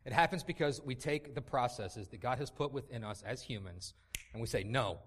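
A man's voice: medium pitch, moderate pace, slight background noise. A man preaching a sermon in an impassioned, emphatic way, often repeating words as he builds a point.

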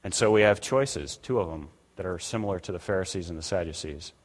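A man's voice: deep voice, fairly quick. An older man preaching a conversational sermon as pastor, acting out the voices he quotes. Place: church sanctuary. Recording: long reverb of a church hall.

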